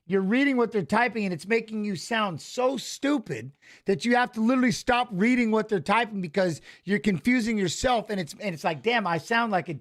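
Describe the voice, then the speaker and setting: A middle-aged man hosting a live fight watch-along, laughing often, stammering and restarting, and shouting coaching cues at the screen. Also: high voice.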